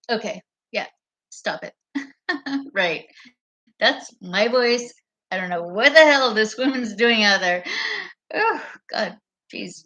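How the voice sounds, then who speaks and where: A woman's voice: mid-range voice, expressive, takes it slowly, pauses often, sharp tone. A woman vlogger talking to her camera in a meandering, profane monologue that often loses its thread. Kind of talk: rambling casual monologue to camera. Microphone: camera mic.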